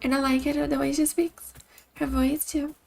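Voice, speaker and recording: High-voiced chatty woman streamer. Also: flat delivery, normal speed, gravelly, slight background noise. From Brazil. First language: Portuguese. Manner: chatty, upbeat, giggly. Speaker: game streamer. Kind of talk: casual stream chat with game commentary.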